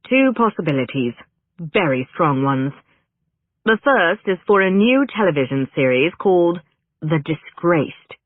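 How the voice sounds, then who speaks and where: A cautious male talent agent, as a storybook narrator plays him delivers unwelcome news in a measured, placating, hesitant way. The sound is thin and phone-like, and dry with no room sound. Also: fairly high pitch, sing-song, no room sound. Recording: narrow phone-like band, dry.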